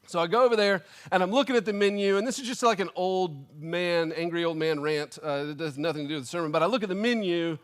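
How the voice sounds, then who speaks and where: A man preaching a sermon, telling a comic personal story with animated, indignant storytelling. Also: high voice, quick pace, few pauses. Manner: animated storytelling, acting out his own indignation. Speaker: pastor.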